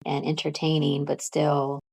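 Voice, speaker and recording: Brief: calm female podcast host, very low voice, self-described monotone. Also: a little slow, vocal fry, poor audio. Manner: relaxed, with frequent fillers. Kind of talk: casual interview.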